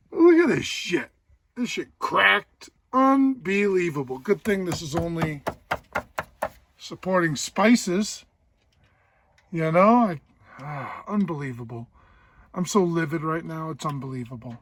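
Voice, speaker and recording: A man's voice: on the high side, gravelly. A man filming his own home building project, talking casually, frustrated, swearing and mocking his own work. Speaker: DIY vlogger.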